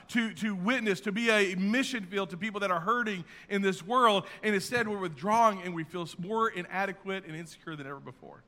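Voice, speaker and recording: A man preaches in a high, bright, ringing voice, swelling into emphatic peaks and then dropping into soft asides. A long reverb trails each phrase, as in a church sanctuary. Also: brisk, few pauses. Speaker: pastor. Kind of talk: sermon.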